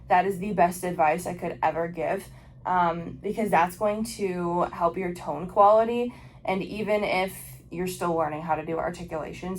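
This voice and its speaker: A woman's voice: medium pitch, a little hiss or hum, rough recording. Young woman casually teaching oboe technique. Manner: casual explaining with frequent ums and likes. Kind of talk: instructional video lesson.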